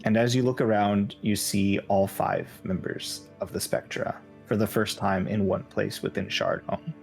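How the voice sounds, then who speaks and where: Low-voiced man running a tabletop game. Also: moderate pace, creaky, soft background music. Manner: relaxed, descriptive, with fillers. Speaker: game master.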